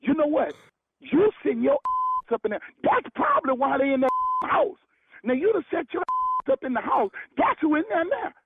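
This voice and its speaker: A man's voice: extremely high pitch, sing-song, moderate pace, a little hiss or hum. Exasperated man on a tinny phone line. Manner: blunt, exasperated, swearing, repeating himself. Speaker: prank call target. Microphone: telephone.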